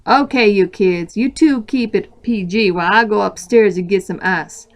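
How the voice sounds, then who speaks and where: A woman's voice: mid-range voice, moderate pace, lightly acted. A woman voicing a boyish, brash male bartender with a throaty voice and a Southern US accent, in a storybook reading. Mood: bossy.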